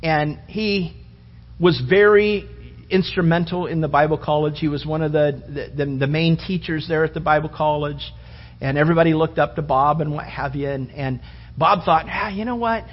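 A man's voice: fairly high pitch, steady tone, normal speed, dull audio. A male pastor preaching a sermon, telling a long rambling story with many restarts.

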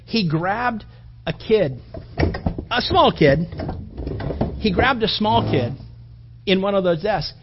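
A man preaching a sermon, telling animated stories with asides to the congregation. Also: high-pitched, slow pace, pauses often, lo-fi sound, noisy background.

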